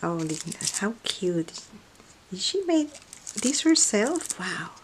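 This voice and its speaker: A woman in a casual unboxing vlog, gushing and exclaiming over every little item she pulls out. She often sinks into a soft near-whisper between the excited bits. Her voice sits at a middling pitch, with faint paper crinkling behind her. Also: slow, a little hiss or hum. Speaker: craft vlogger unboxing mail. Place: indoors at night.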